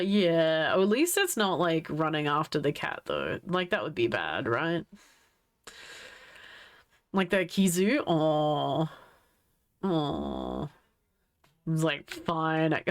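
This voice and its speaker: A woman streamer chatting casually on a live stream, gushing and giggling as she reacts to what is on screen. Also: lowish voice. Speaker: livestreamer.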